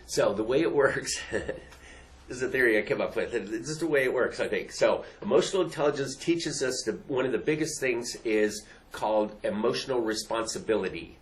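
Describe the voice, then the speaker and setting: A man's voice: mid-range voice, a little fast, poor audio. A man hosting a talk on emotional skills, speaking in an earnest, repetitive way and laughing lightly between points. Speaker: host. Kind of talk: casual explanatory talk.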